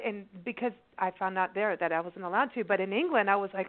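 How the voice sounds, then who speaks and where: A woman from South Africa telling animated stories in casual chat. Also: medium pitch, fairly quick, few pauses. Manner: animated storyteller, excitable. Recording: tinny phone line.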